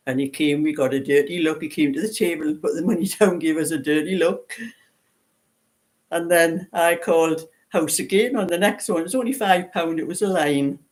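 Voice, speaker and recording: This woman in her seventies, a knitting channel host from Newcastle in northeast England, speaks with a light Geordie accent in a low, slightly mellow voice at a normal speed. She rambles and chats casually through a livestream, often breaking into laughter.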